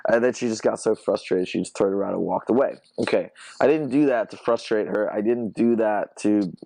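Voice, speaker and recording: A man's voice: on the low side, darkish tone, no room sound. A young man hosting a dating-advice podcast in a casual monologue, laid-back and laughing often as he tells stories. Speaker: dating coach podcast host.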